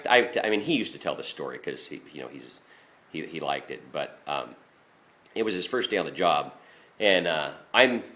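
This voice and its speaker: A man's voice: extremely low pitch, a bit bright. A man who drives a garbage truck, telling work stories in a casual, rambling monologue, blunt and profane with frequent restarts.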